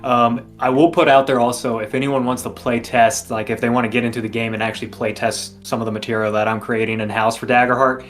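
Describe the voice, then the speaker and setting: A man's voice: medium pitch, flat delivery, fast talker, hardly any pauses, soft background music. A man co-hosting a casual online chat show and serving as game master, speaking in a laid-back, joking way. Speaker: podcast co-host and game master.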